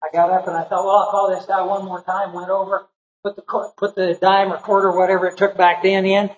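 A man's voice: sits high, flat delivery, a little fast, dull audio, a little hiss or hum. A middle-aged man, a pastor, telling a personal story in a sermon in a folksy, conversational way, acting out the people he quotes.

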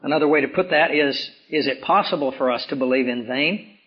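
A man preaching a sermon as pastor, hoarse from swollen tonsils, with emphatic rises and slow, dramatic drops. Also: mid-range voice. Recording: dull lo-fi recording.

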